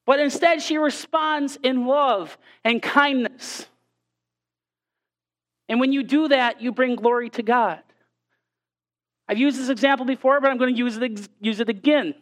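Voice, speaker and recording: A woman's voice: high voice, a bit bright. A woman preaching a sermon in an earnest manner, often repeating rhetorical questions to her listeners.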